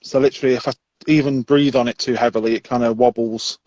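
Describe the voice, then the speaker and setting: A man's voice: medium pitch, fairly even intonation, fast, a little mellow, no echo. A man hosting a casual live-stream chat, speaking through a phone with many fillers and restarts. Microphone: phone on a flexible arm. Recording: dry, dull sound.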